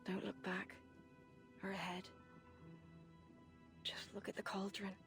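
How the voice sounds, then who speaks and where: A bitter self-loathing young athlete. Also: female voice, medium pitch, completely flat delivery, takes it slowly, soft background music. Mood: hollow. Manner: harsh, self-berating inner voice, hushed at times. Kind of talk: video game voice acting.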